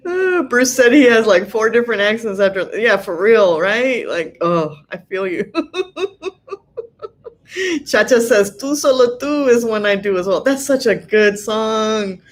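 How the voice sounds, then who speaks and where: A woman's voice: medium pitch, takes it slowly, long pauses. A tired middle-aged woman hosting a casual livestream, reading viewer comments aloud in a chatty way, laughing often and using many fillers. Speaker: livestream host.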